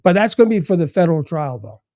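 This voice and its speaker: An older man from Massachusetts sits in as a podcast guest and spins animated stories. He acts out other people's lines and swears freely. His voice is warm and pitched a little high, heard dry and close. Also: fast, no room sound. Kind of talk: casual podcast chat.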